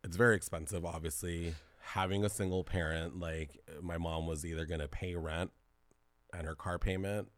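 A low-pitched man in his thirties from California tells a personal story as a podcast guest, full of "like" and "you know". He sounds emotional, close to tears at times. The recording is dry and close, with almost no room sound. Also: fairly even intonation, normal speed, no echo. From California, Bay Area. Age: 30s. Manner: chatty, heavy use of "like" and "you know". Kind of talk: casual storytelling interview.

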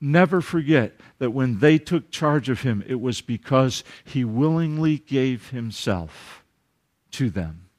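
A man with a Southern US accent preaching a sermon as pastor, swinging from loud emphatic rises to quiet asides. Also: medium pitch, lively intonation, slow.

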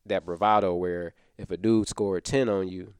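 A man's voice: low-pitched, steady tone, moderate pace, smooth, dry recording, studio quality. A man co-hosting a casual sports chat, emphatic and slangy with strong opinions.

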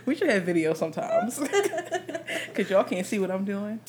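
A woman's voice: mid-range voice, very animated, unhurried, slight background noise. A woman co-hosting a podcast in casual chat, teasing and blunt. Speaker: podcast co-host.

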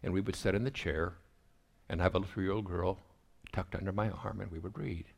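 A middle-aged man with a somewhat low voice preaches in a storytelling manner. He acts out the quoted lines from his family life as he goes. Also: steady tone, a little fast, creaky. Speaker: pastor. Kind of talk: sermon storytelling.

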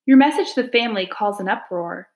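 A woman's voice: medium pitch, lively intonation, quick pace, a little mellow, reverberant, lightly acted. A woman voicing a frightened little girl who pleads before a tiger spirit in a storybook reading, her voice quivering. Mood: anxious.

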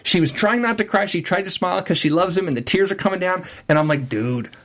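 A young man co-hosting a TV after-show in casual chat, enthusiastic and emphatic, talking in quick bursts. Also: high voice, fairly bright tone.

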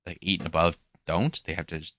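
A man's voice: low-pitched, steady tone, fast talker, a bit bright, dry recording. A man hosting a podcast, casually retelling a story from his lifeguard job and mimicking the people in it, with some casual swearing. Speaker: podcast host and pool lifeguard.

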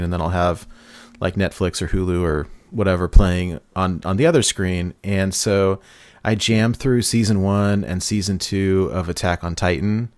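A man casually telling a long story on a podcast, excited and laughing as he goes, often acting out quotes. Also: deep voice, no room sound. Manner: animated storytelling, laughs, mimics people in quotes. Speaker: podcast host.

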